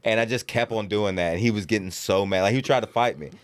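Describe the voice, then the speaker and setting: Low-voiced laid-back man telling a story. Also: quick pace. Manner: laid-back storyteller, mimics people in his anecdotes. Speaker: podcast co-host. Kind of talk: casual comedy podcast chat.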